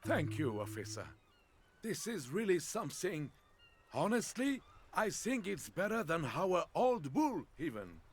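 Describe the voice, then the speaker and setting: An actor playing a calm man who speaks in a soothing, conciliatory way. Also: high voice, measured pace, husky, exaggerated voice. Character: calm, placating man smoothing things over.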